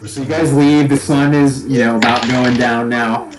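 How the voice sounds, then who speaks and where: A man's voice: mid-range voice, fairly even intonation, moderate pace, a crowd in the background, poor audio. A man narrating as game master for a tabletop game, loose and rambling, laughing often. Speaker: dungeon master.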